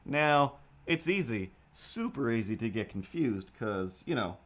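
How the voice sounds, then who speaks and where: A young man talks loosely into a desk mic while he draws on a livestream. His pitch sits in the middle for a man. He meanders from topic to topic and makes fun of himself in a goofy, offhand way. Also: expressive, measured pace. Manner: meandering, self-deprecating, goofy. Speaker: livestream host. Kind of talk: rambling casual chat while drawing.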